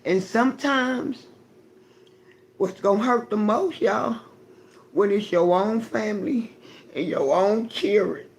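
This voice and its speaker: A woman's voice: mid-range voice, slow pace, pauses often, a little mellow. A woman on a live stream giving an emphatic, profane, preaching testimony and greeting her chat viewers by name. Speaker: livestreamer.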